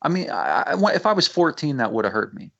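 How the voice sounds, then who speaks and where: A man's voice: medium pitch, very animated, a little fast, creaky, fairly bright tone. Rapper guy on a radio show, intense, swears a lot, stumbles over his words, dull muffled audio. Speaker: rapper and guest. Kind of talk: casual radio interview. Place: radio studio.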